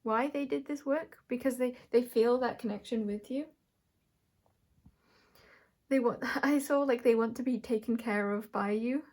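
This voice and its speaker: A woman doing a pick-a-pile tarot reading, speaking in a searching way, often correcting herself and thinking aloud with soft laughs. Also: on the high side, a little slow, long pauses. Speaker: tarot reader. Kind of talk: intuitive tarot reading to camera.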